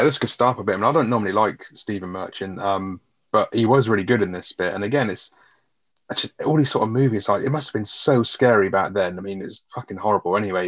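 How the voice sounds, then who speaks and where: A laid-back man talks through a film on a podcast, laughing easily and swearing as he goes. His voice sits fairly low. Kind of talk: casual film review chat.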